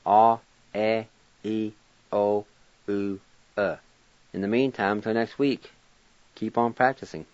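Slow patient guy spelling words letter by letter, lowish voice, dry dull radio sound. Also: steady tone, a little mellow, no room sound. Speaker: language teacher and radio host. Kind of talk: slow spelling and pronunciation lesson.

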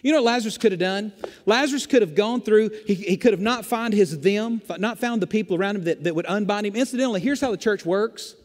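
Man, high voice, pastor preaching, rhetorical questions, repeats his points, long church reverb. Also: quick pace. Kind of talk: sermon. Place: church sanctuary.

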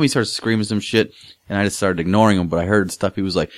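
A man telling a crude story in casual chat, swearing a lot and acting out quotes loudly. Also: fairly low pitch, fast, no echo.

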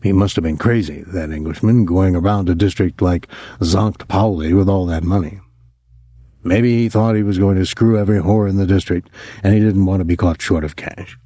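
A man giving calm, measured scripted narration of a novel. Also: sits low, dry recording.

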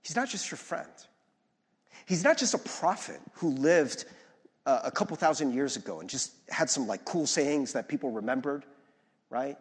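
A man preaching a sermon as pastor, lively and conversational, often asking the audience to follow along. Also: mid-range voice, moderate pace, husky. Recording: long reverb of a large hall.

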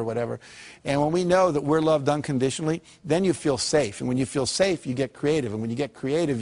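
A man's voice: fairly high pitch, darkish tone. A man giving a motivational seminar talk to a live audience, telling stories with emphasis and asking the audience rhetorical questions. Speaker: motivational speaker.

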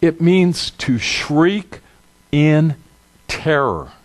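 Male pastor, sermon, high voice, animated, unhurried. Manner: animated, emphatic, dramatic drops to a low voice.

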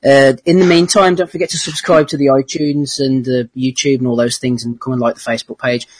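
A man hosting a casual podcast, briskly moving the talk along and wrapping up the episode. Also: medium pitch, little pitch movement. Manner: brisk, organized, moves the show along. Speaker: podcast host. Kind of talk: casual chat, wrapping up the show.

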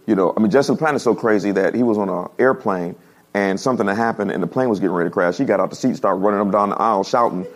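A man preaching a humorous storytelling sermon to his congregation, animated and laughing at his own stories. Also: fairly low pitch, racing. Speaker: pastor. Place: church service before a congregation.

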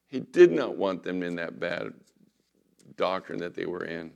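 Gravelly male pastor preaching. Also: sits low, sing-song, measured pace, darkish tone. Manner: dramatic retelling, drops to a whisper for quotes. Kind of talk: sermon.

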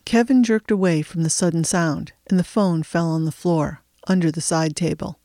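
A woman narrating a story in an even, measured audiobook style. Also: fairly low pitch, no echo. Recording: dry close recording.

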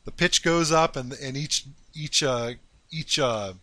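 Man, mid pitch, bright voice, dry close mic, relaxed film talk, thinking aloud. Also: takes it slowly, no echo. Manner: musing, thinks aloud at length. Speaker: podcast host. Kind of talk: casual film discussion.

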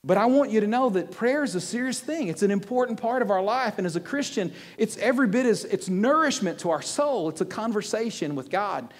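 A man preaches to a congregation with an animated, joking delivery, often stumbling over and repeating words. His voice sits high for a man. The sound carries a long reverb from the hall. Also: brisk, few pauses. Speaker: pastor. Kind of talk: sermon. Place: church hall with audience.

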